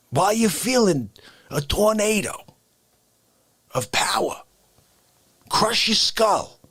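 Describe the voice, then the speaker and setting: Man voicing a slow, breathy old crank who rambles and rants in big swings. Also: high-pitched, heavily acted. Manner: rambling rant, bursts into shouts. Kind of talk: comedic improvised rant.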